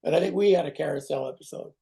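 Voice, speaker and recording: A middle-aged man, a guest actor in a casual interview who tells animated stories, swears and acts out other people's voices. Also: a little high, very fast, gravelly, slightly rough. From Canada.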